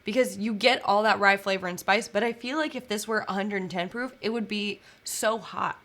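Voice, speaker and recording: A woman with a bright, sharp voice co-hosts a relaxed live stream. She talks in an easygoing, chatty way. Her thoughts sometimes drift off unfinished. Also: mid-range voice, normal speed. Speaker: co-host of a bourbon show. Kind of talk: casual live-stream chat.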